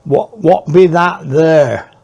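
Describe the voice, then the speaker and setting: A man voicing a curious twelve-year-old local boy with a slow, drawn-out Cornish accent. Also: a little high, creaky, a little mellow, full character voice. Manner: slow, drawn-out, broad rural drawl. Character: staring local boy of about twelve, nosy.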